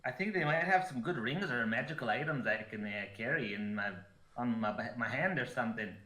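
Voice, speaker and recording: A man voicing a male adventurer with a jumbled put-on accent, loud and playful, ending lines with "eh?". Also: mid-range voice, animated, normal speed. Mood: cheerful. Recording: echoey room.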